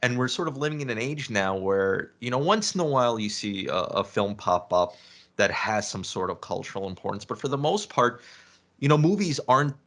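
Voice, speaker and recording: A man's voice: mid-range voice, expressive, a little fast, a bit bright. A man hosting a casual interview, thinking aloud at length with frequent fillers. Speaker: podcast host.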